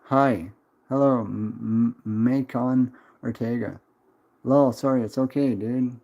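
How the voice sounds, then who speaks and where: A man's voice: mid-range voice, fairly even intonation, slow, vocal fry, a little mellow. A man in his twenties chatting on a casual livestream, rambling, swearing and answering chat. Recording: dull lo-fi stream audio.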